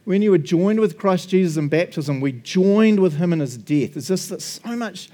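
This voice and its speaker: Laid-back joking pastor preaching. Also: male voice, high voice, animated, normal speed, mellow. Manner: chatty and jokey, tag questions like "right?" and "eh?"; laughs often, acts out little quoted exchanges. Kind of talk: casual sermon.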